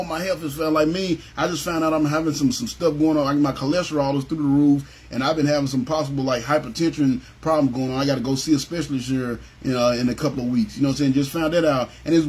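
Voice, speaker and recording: A middle-aged man with a slightly high, darkish, husky voice leads an informal livestream Bible study over the phone. He talks conversationally, often asking "you know what I'm saying?", and raises his voice to act out biblical figures.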